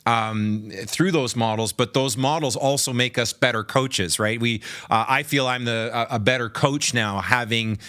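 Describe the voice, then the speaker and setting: Bright-voiced reflective male podcast host. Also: medium pitch, normal speed, hardly any pauses. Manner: reflective, with many "uh" fillers. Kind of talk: casual podcast chat.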